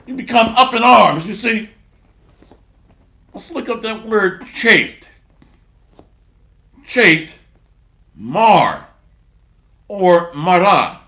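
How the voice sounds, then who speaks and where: Reading scripture during a sermon, a man with a high, gravelly voice speaks slowly and drives each point home. His tone comes across as bright and sharp, also blunt and mocking, and the space around him is large and echoing.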